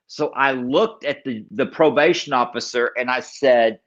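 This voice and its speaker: Male guest, mid-pitched, giving a personal testimony with emphatic repetition. Muffled, low-fidelity recording. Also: unhurried, hardly any pauses, fairly bright tone. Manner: emphatic storyteller, repeats key phrases; acts out other people's lines in the story. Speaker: podcast guest.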